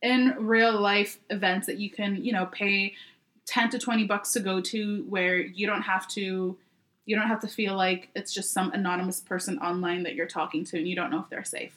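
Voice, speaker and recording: A woman's voice: mid-range voice, normal speed. A woman guest chatting casually on a podcast, telling stories animatedly and laughing often. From Canada. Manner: animated storyteller, laughs often, playful voices in quotes. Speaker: guest, sex worker.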